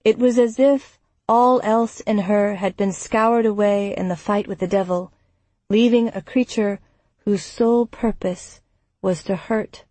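A woman narrates with slow, measured storytelling. The recording is dry and close, with her voice at a middle pitch. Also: fairly even intonation, mellow, dry recording. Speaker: audiobook narrator. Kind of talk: scripted narration.

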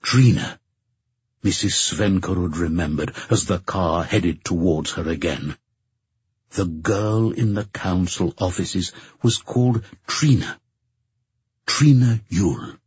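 A man reading a novel aloud as a narrator, in a slow, measured way. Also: sits low, a little mellow, dry recording. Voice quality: husky. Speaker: audiobook narrator. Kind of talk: scripted narration. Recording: dull lo-fi recording.

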